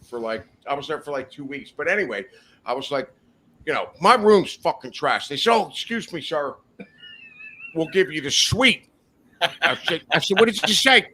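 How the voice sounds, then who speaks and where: A man's voice: on the high side, lively intonation, normal speed, pauses often, bright, forceful tone, slight background noise. A man casually telling rambling, profane anecdotes on a podcast, laughing as he goes. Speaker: podcast guest telling stories. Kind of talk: casual storytelling chat.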